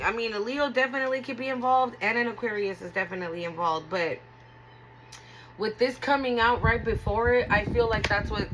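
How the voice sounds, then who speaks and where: Over background noise, a tarot reader with a fairly high voice gives a casual reading. She talks bluntly and emotionally, swearing a lot, yet stays earnest throughout.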